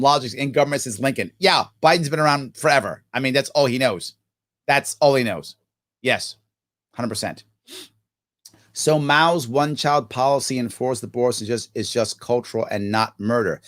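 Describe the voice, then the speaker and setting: A middle-aged man with a medium-pitched, slightly bright voice hosts a live question-and-answer livestream. He reads viewers' questions aloud and answers them passionately.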